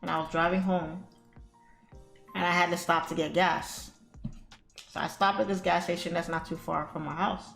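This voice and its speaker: Telling a story on her trading livestream, a woman chats with her audience, addressing them as "y'all" and "guys." Her lowish voice is steady, a bit bright, and moderately paced, with vocal fry and long pauses, while faint music plays in an echoey room.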